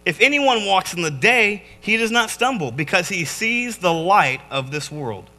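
A man, preaching to a youth group in a lively, joking way and acting out Bible scenes. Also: sits high, unhurried. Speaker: youth pastor. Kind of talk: youth sermon. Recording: echoey hall.

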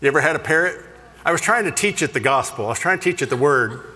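Bright-voiced preacher joking in a hall. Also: male voice, on the high side, fast talker. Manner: animated, jokey, self-deprecating. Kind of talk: humorous sermon storytelling.

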